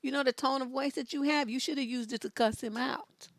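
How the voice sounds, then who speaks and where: A woman's voice: high-pitched, fairly even intonation, fairly quick, no echo. A middle-aged woman hosting a live relationship advice show, talking bluntly and with sass, with lots of emphatic repetition. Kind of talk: live-stream advice talk, reading viewer questions.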